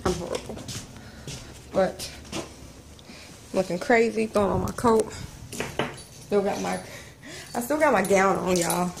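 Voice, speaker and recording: A woman's voice: fairly low pitch, creaky, background noise. Chatty woman vlogging from her car. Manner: chatty, rambling, self-deprecating. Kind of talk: casual vlog chat. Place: inside a car while driving. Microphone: handheld camera or phone.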